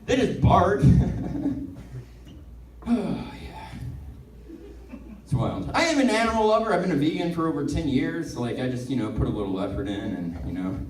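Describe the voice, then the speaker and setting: A male stand-up comedian doing a set, excitable and rambling, laughing at his own jokes. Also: on the high side, moderate pace, pauses often, slight background noise. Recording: echoey room from far off.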